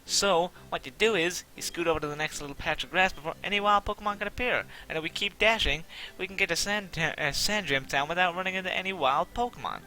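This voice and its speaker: A man voicing a brash, impatient young male rival trainer in a game, pushy and rushed. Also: sits high, pushed and bright, voice pushed up. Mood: scheming.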